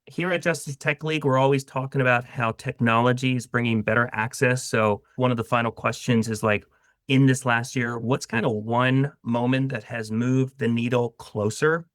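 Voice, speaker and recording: A man's voice: mid-range voice, steady tone, moderate pace, fairly bright tone, no room sound, studio quality. A man hosting an interview, enthusiastically putting forward ideas and asking his guest questions. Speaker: podcast host. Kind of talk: conversational interview.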